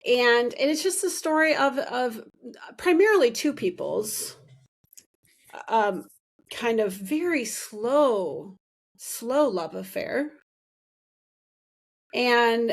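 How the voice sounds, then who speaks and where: A woman's voice: medium pitch, creaky. A middle-aged woman hosting a podcast, chatting casually and rambling with many restarts. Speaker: podcast host. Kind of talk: casual chat.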